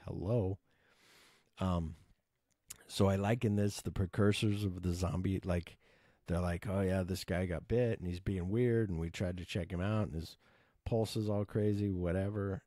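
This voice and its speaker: A man's voice: sits low, dark tone, dry recording, studio quality. A man chatting casually about movies, rambling and enthusiastic, with lots of fillers and swearing. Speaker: movie podcast host.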